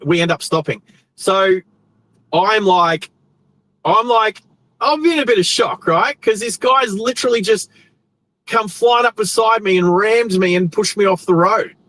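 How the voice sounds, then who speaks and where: An Australian man hosting a show, telling a rambling, animated story with restarts while he drives his car. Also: high-pitched, poor audio. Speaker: host. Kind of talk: casual storytelling while driving. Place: inside a car on the road.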